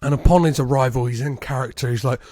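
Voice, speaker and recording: A man's voice: mid-range voice, steady tone, fast, mellow. A man, hosting a podcast and reviewing a film in a casual, sweary, mocking way with frequent laughter. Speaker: podcast host.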